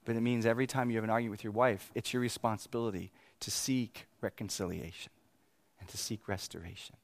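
A man in his thirties preaching, telling a family story with animated swings between exasperated outbursts and quiet reflection. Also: on the low side, quick pace, no echo. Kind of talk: sermon storytelling.

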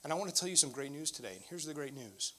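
Pastor, male, middle-aged: sermon delivered as candid personal storytelling, higher than average pitch. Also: rapid-fire. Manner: conversational storytelling, candid and animated.

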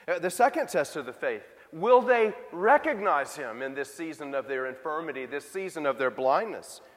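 A man's voice: fairly high pitch, very animated, normal speed, big-room sound. A man preaching a sermon in a conversational way, asking his listeners rhetorical questions. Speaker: pastor.

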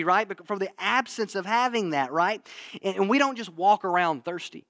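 A man's voice: high-pitched, lively intonation, moderate pace, creaky, sharp tone, no room sound. A man preaching a sermon in an earnest way, often repeating himself and asking his listeners "right?". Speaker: pastor. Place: church.

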